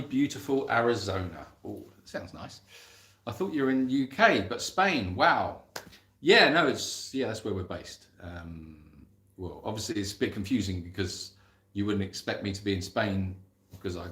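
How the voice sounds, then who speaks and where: A man's voice: on the low side, expressive, normal speed, fairly bright tone. An English man hosting a casual live question-and-answer chat for an animal sanctuary, rambling and laughing at himself as he reads out viewer messages. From England. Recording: roomy echo.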